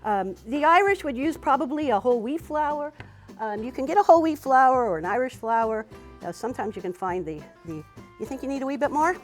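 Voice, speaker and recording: A woman who teaches cooking and hosts a show leads a demonstration in a chatty, encouraging manner, often saying "wee" and "you know." Her fairly high voice swoops up and down a great deal, animated and a little fast, with soft music faint behind her.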